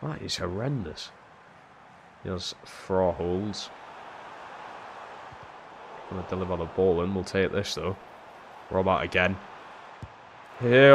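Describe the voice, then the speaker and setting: A young man commentating live on his own football video game in a lowish voice. He mutters his way through the play, cursing freely, then bursts into loud shouts at goals and blunders. A faint hiss sits under the stream audio. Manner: swears freely and swings from low muttering to shouting at big moments.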